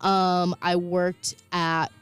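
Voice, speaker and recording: A woman's voice: lowish voice, level tone, very slow, smooth, faint music behind. Chatty young woman radio co-host. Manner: chatty, laughs often, many fillers. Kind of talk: casual on-air chat. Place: college radio studio.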